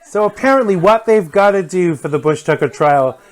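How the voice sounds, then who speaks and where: A man's voice: sits high, expressive, normal speed. A man hosting his vlog, chatting casually and jokily about a TV show as he watches it. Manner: chatty, rambling, jokey asides. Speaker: vlog host.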